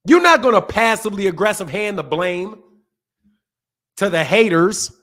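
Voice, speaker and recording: A man hosting a boxing channel stream, giving heated, mocking commentary with drawn-out emphasis. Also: high-pitched, expressive, a bit bright.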